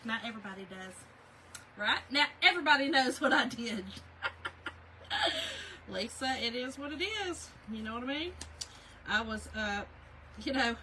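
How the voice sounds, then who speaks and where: A woman's voice: mid-range voice, bright, forceful tone, a little hiss or hum, low-quality recording. A middle-aged woman, chatting on a crafting livestream, laughing often and greeting viewers by name.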